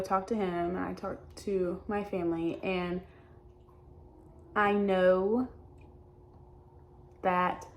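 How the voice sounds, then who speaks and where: A young adult woman talking openly in a personal vlog, halting and hesitant, often restarting her sentences. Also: medium pitch. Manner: earnest and open. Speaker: vlogger.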